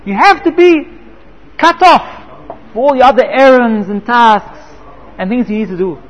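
A man's voice: very high-pitched, moderate pace. A man giving a Torah lecture, telling a parable and asking rhetorical questions. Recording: echoey hall, dull lo-fi sound.

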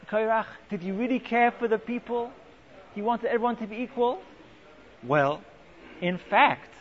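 A man teaching a Torah class as a rabbi, asking rhetorical questions and dropping sarcastic asides. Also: sits high. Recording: muffled lo-fi recording with faint hiss.

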